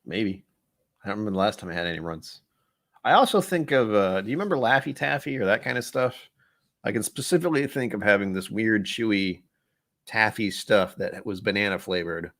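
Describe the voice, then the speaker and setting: Male streamer, low-pitched, loose and rambling, chats to chat between sips. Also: lively intonation, a little fast, fairly bright tone. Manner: rambling, offhand, thinks aloud. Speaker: livestream host. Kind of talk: casual whiskey-tasting livestream chat.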